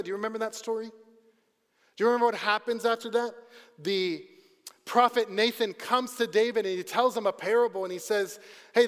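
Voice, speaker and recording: High-voiced preacher in a reverberant hall. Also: male voice. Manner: asks the congregation questions, slows and quiets for emphasis. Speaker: pastor. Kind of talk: sermon.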